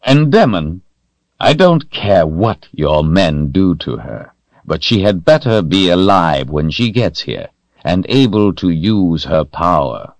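A man voicing a cold, commanding male sorcerer lord who speaks in a calm, measured, menacing way. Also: deep voice, no room sound, heavily acted.

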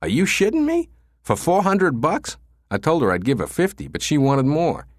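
A man's voice: a little high, wildly swooping pitch, moderate pace, no room sound, clean studio sound, voice pushed up. A man voicing a crude, cocky young male punk who swears and mocks, in a raised voice. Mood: mocking, brash. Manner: brash, swearing, mocking.

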